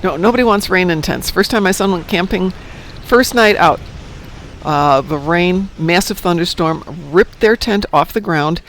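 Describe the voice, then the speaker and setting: A woman's voice: lowish voice, normal speed, a little hiss or hum. A woman streaming a game, chatting casually, telling stories and cheering at the game. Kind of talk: casual chat while gaming.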